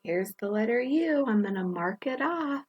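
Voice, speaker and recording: A woman teaching young children phonics, gently sounding out letters and words and encouraging them as she works through a worksheet. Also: fairly high pitch, lively intonation, moderate pace, a little hiss or hum. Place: indoors at a table, camera on her worksheet.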